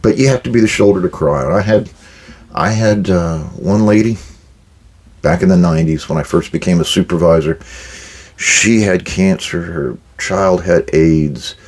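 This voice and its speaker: This older podcast host from the United States gives management advice in a low-pitched, darkish voice at a normal speed. His style is blunt and direct, and he plays out quoted conversations with employees.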